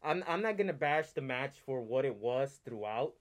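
A man co-hosting a wrestling podcast, recapping a match in an animated, heavily profane rant. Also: medium pitch, normal speed. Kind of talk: casual chat, heated recap.

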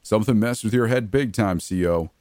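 A man's voice: fairly low pitch, fairly quick, a little mellow, dry recording, clean studio sound, pitched above the performer's own voice, natural voice. A man voicing a hostile male prison inmate who talks with mocking contempt. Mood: contemptuous. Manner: insulting, contemptuous.

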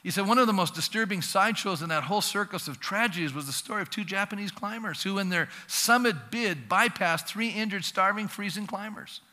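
A male pastor preaching a sermon in a lively, conversational way, acting out little dialogues for the congregation. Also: high voice, a little fast, few pauses. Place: church sanctuary. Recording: long reverb of a church hall.

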